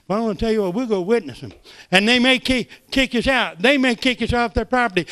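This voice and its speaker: Bright high-voiced older preacher man. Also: fairly quick. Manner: folksy storytelling, swings from soft to loud exclamations. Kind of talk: sermon testimony.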